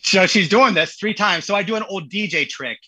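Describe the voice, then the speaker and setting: Bright, husky-voiced man telling stories. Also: high voice, brisk, rough recording. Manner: animated, acts out quotes in voices. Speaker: podcast guest. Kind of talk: casual storytelling.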